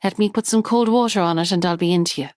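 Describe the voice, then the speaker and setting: A woman's voice: fairly low pitch, quick pace, a little mellow, no echo, clean studio sound, close to an everyday voice. A woman reading the part of a harried young mother, strained and apologetic, her voice raised a little.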